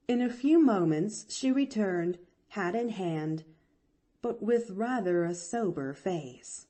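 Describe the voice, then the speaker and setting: A woman reading a classic storybook aloud for learners, measured and expressive. Her voice is warm and mellow. She moves through it slowly, with lively pitch. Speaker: audiobook narrator.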